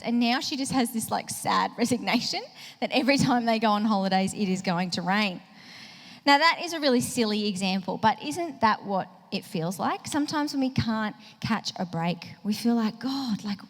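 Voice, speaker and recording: A woman giving a conversational sermon, earnest and chatty with frequent fillers. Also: mid-range voice. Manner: earnest and chatty, many "you know" and "um" fillers. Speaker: preacher. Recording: reverberant hall.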